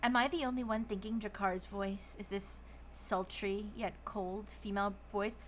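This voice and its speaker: A woman's voice: medium pitch, steady tone, normal speed, slight background noise. A young woman streaming live who chats casually, giggles often, and reads viewer messages aloud before riffing on them.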